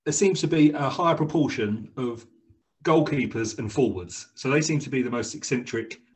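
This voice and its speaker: A British man, a comedy writer on a podcast, talking things through in a thoughtful, measured way. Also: medium pitch. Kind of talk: casual chat.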